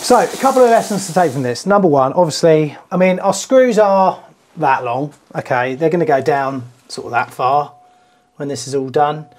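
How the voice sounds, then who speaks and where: A man's voice: fairly high pitch, normal speed, darkish tone, slight background noise. A man, a plumber giving a casual on-the-job tutorial indoors with joking asides. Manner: chatty, joking asides to camera. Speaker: plumber presenting a how-to. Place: customer's bathroom, indoors. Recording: music playing under the voice.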